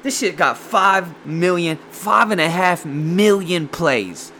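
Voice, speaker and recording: A man chatting casually and profanely as he reacts to music, excitable and rambling. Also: high-pitched, slow, slight background noise. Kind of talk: casual chat.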